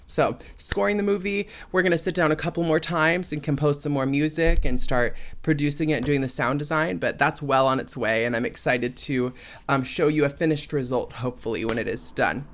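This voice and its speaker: Chatty young podcast host. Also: male voice, a little high, fairly quick, fairly bright tone, slight background noise. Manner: chatty, rambling, many "like" and "um" fillers. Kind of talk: casual solo podcast chat.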